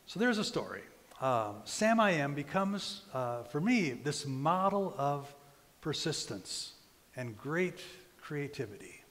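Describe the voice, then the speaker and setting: Storytelling pastor in a reverberant church. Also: male voice, a little high, sing-song, slow pace, fairly bright tone. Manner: conversational storytelling with fillers. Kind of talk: sermon.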